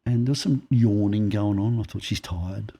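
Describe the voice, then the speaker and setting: An Australian man on a podcast recounts personal tales, animatedly voicing the dialogue along the way. His lowish voice is slightly rough and moves at a moderate pace.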